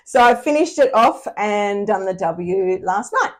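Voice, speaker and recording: A woman's voice: medium pitch, animated, slow pace. A woman co-hosting a cross stitch video, chatting casually and laughing often. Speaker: co-host of a cross stitch channel. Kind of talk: casual chat.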